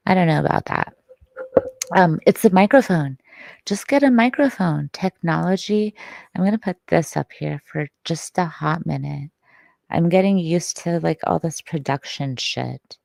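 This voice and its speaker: Woman livestreamer from Detroit, slow, low and gravelly, rambling casual chat with swearing, dry close sound. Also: darkish tone, dry recording. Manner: rambling, swearing, drifting in and out of whispers.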